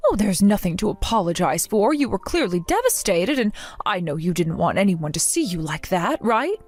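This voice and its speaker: A middle-aged woman playing a resilient mother who gently comforts her grown daughter. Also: medium pitch, big pitch swings, moderate pace, soft background music. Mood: gentle. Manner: gentle, reassuring.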